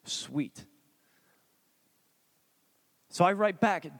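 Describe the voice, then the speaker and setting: High-voiced, excitable male storyteller. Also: normal speed. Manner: excitable, animated, acts out chat messages. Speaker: speaker addressing an audience. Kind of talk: comic personal storytelling.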